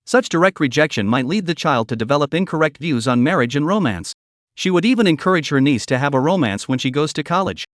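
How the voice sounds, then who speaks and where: A man reads a comic story recap in a scripted, storytelling manner. His voice is fairly high and very animated. The recording is close and dry with no room sound. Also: fast talker, dry recording. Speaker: recap narrator.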